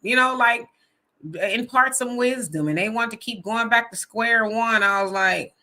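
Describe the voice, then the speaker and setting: Woman host, bright tone, animated casual live-chat delivery, reads comments. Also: fairly high pitch, moderate pace. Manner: animated, laughs often, reads comments aloud.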